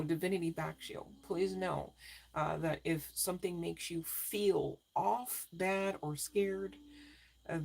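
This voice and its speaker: A woman's voice: low-pitched, vocal fry, darkish tone. A woman doing a live-stream tarot reading, talking straight to viewers in a chatty way, often asking "right?" and laughing. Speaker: tarot reader.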